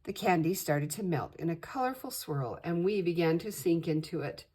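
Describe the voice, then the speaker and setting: An older woman, a grandmother, reading a children's picture book aloud with expressive storytelling. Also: on the low side, moderate pace, breathy edge. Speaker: storytime reader.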